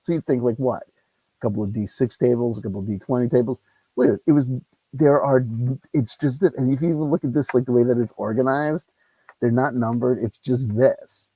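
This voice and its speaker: A channel host playing a solo tabletop game speaks a little fast in a warm, husky, mid-range voice through a lapel mic. His casual commentary is rambling and ranty with lots of swearing, on a rough recording without echo.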